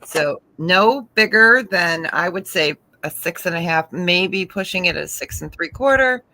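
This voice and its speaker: A middle-aged woman hosts a live-stream jewelry auction. She talks in a chatty, bright way and describes each piece in loose detail. Her voice sits a bit low, and she laughs easily between items. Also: animated, a little slow, rough recording.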